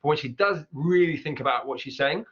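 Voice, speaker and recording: Coach, fairly high voice, repeats example words, dull lo-fi audio. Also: male voice, lively intonation, a bit bright, husky. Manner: repeats words slowly to demonstrate. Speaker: accent teacher. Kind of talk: explaining pronunciation over clips. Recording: dull lo-fi sound.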